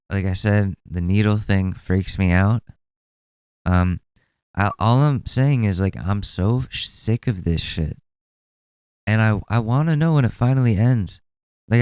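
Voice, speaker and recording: A man's voice: lowish voice, warm tone, smooth, no echo. A man in his twenties hosting a solo podcast, rambling and exasperated, swearing freely as he talks. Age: 20s. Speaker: podcast host. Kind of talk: casual solo commentary.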